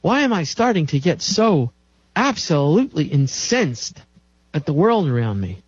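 A man's voice: fairly high pitch, very animated, a little slow, breathy edge, no echo, heavily acted. A man voicing an exasperated woman patient who is worn out by a long detox and complains in a string of whiny questions. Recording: dull dry recording.

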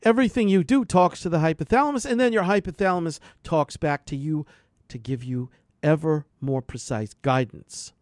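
Male radio health host, higher voice, emphatic and preachy, dry studio sound. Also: moderate pace, a little mellow, no room sound. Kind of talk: impassioned radio monologue.

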